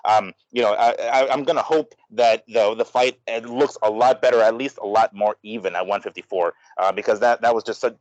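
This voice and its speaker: Fast-talking rambling podcast man, dry sound. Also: mid-range voice, no room sound, muffled recording. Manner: rambling, many restarts, profane. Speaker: podcast co-host. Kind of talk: casual boxing talk.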